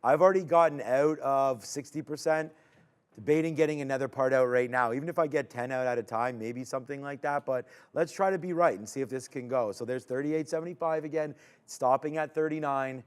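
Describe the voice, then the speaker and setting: A man calling trades live on a stock stream, his voice smooth and resonant. He talks to the chart as it moves, cheering the price on and groaning when it stalls, sometimes jumping to near shouts. The delivery is loose and unscripted. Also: mid-range voice, brisk. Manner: restless, urging the price on, rising to excited shouts. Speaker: stock trading stream host. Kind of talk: live trading commentary.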